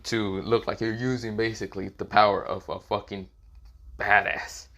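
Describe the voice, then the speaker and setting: A man's voice: fairly low pitch, flat delivery, normal speed, fairly bright tone, a little hiss or hum. Guy voicing a chill dragon spirit, offhand. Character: dragon spirit, casual and gruff.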